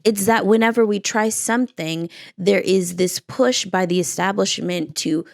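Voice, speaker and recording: A woman's voice: medium pitch, fairly even intonation, moderate pace, gravelly, dry recording, studio quality. An American woman hosting a solo podcast, talking in an impassioned, rhetorical way and driving her points home through repetition. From United States. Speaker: podcast host.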